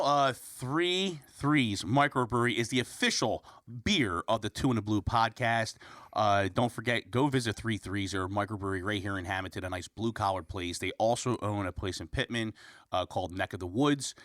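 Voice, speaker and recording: A man's voice: lowish voice, moderate pace, a bit bright, no echo, studio quality. A man co-hosting a podcast, casual chat and sponsor reads, joking and laughing often. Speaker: podcast co-host. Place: studio.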